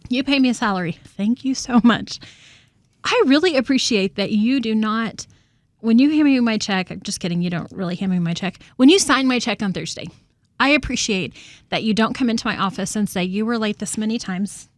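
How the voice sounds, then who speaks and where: A woman's voice: on the high side, expressive, fairly quick, no room sound. A woman co-hosting a podcast, chatty, laughing often and repeating words as she starts a thought. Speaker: co-host and real estate agent. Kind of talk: casual podcast chat.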